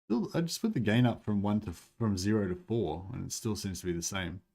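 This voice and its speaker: Australian male streamer, low-ish voice, quiet and tired, mumbly casual chat on a desk mic. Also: big pitch swings, fairly quick, creaky. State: tired and sore. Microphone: desk-stand microphone behind keyboard.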